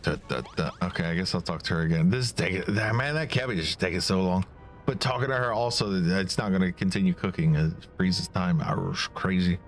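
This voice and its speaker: Gravelly man muttering through a game. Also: sits low, brisk, faint music behind. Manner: mutters to himself, self-commentary between read lines. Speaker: streamer. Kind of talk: casual gameplay commentary.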